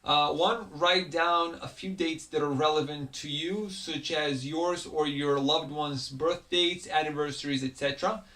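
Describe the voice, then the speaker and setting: A man with a fairly high, bright, forceful voice gives a recorded language lesson. He steps through the vocabulary slowly and methodically, pausing on each item. Hebrew is his first language, and he sounds like a patient teacher. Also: steady tone. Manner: patient, methodical word-by-word teaching with occasional "uh" fillers. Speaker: Hebrew instructor.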